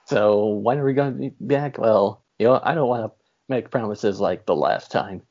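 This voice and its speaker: Man, easygoing movie podcast host, low mellow voice. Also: normal speed, highs cut off. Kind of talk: casual chat.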